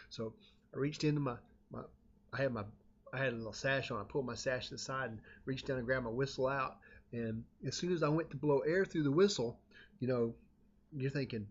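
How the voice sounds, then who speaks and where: A man telling a casual personal anecdote in a rambling, animated way, often cutting himself off mid-sentence. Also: medium pitch, fairly quick, slightly rough. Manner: rambling, self-interrupting, animated. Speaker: storyteller. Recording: dull lo-fi recording.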